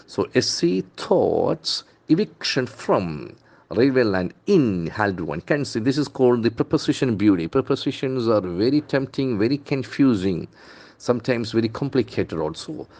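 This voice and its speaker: A man with an Indian English accent teaching vocabulary from the newspaper, repeating words slowly and spelling out their letters. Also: mid-range voice, sing-song, darkish tone. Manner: enthusiastic, calls words beautiful and brilliant. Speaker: English trainer.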